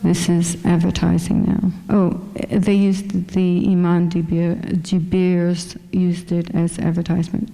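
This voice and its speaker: A woman's voice: fairly low pitch, monotone, measured pace, vocal fry, few pauses, dark tone. A woman fashion photographer with a small voice, chatting casually with many fillers as she shows her photos in a museum lecture hall.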